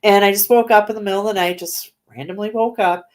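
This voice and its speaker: A woman's voice: medium pitch, steady tone, fast talker. A woman in her forties, a guest on an interview show, talking casually with lots of fillers and frequent laughs. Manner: chatty, laughs often, many fillers.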